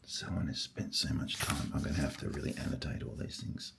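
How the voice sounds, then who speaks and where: Older male hobby vlogger, husky, deep and gravelly, excitable muttering to himself. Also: a little fast, very noisy. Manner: excitable, murmurs and exclaims to himself. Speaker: stamp collector. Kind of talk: casual vlog, thinking aloud while sorting.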